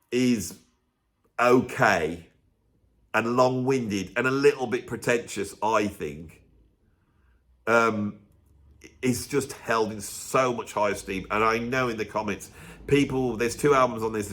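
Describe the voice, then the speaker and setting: A man's voice: medium pitch, a bit bright. A man hosting a music channel, delivering a grumpy, emphatic, opinionated rant to camera in a casual way. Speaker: music video host.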